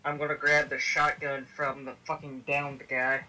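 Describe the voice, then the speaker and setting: A man's voice: medium pitch, flat delivery, normal speed, pushed and bright, rough recording. A man playing a tabletop game who talks bluntly and swears often. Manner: profane, frustrated, blunt.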